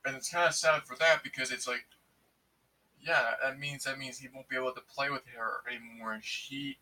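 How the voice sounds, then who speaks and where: A man excitedly recapping a movie in casual, rambling speech full of fillers and restarts. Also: medium pitch, normal speed, distant mic, low-quality recording. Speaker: movie reviewer.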